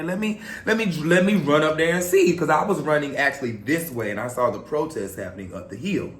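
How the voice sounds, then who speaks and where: A man's voice: on the high side, fast, hardly any pauses, a bit bright, echoey room, a little hiss or hum. A talkative young man telling a story in a casual, chatty vlog style, loose with filler words. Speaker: vlogger.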